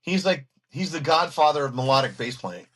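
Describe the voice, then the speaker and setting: Excitable husky man telling stories. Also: a little high, a little fast. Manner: excitable, acts out quoted voices, frequent restarts. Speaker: guest musician. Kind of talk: animated storytelling in an interview.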